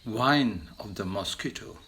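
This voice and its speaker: A man teaching vocabulary, slowly and deliberately listing words for animal sounds, lifting his voice on the sound words. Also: sharp tone. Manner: slow, deliberate listing, lifts pitch to mimic sounds. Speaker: language teacher. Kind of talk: slow vocabulary lesson.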